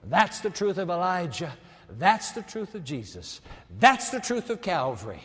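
A man's voice: mid-range voice, lively intonation, moderate pace, a bit bright. Man, preacher, dramatic sermon, rhetorical repetition, long hall reverb.

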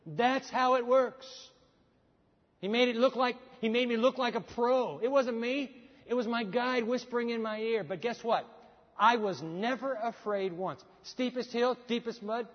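A man's voice: very high-pitched, normal speed. A man preaching a sermon as a pastor, telling a story with animation and acting out dialogue. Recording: dull sound, hall reverb.

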